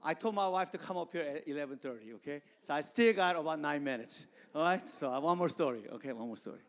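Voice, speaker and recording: Animated preacher man in a reverberant hall. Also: quick pace. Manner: animated storytelling, big pitch swings, acts out shouts. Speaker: pastor. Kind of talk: sermon with storytelling. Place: church sanctuary.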